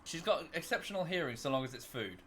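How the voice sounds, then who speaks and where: A man with a bright, ringing voice pitched a little high, chatting on a stream through a headset. He tells his story with lively energy and swears freely. It is casual voice-chat banter. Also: quick pace, a little hiss or hum.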